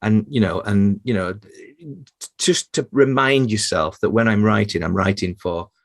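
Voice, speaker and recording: A man hosting a podcast interview, asking questions in a halting way with many restarts. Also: lowish voice. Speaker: podcast host. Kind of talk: conversational interview.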